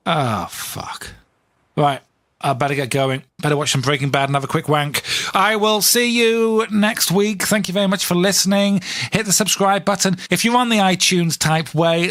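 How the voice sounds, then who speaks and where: Male podcast host, solo monologue; sardonic, sweary, lively pitch, dry close sound. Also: dry recording. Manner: crude, rambling and sardonic, swears often.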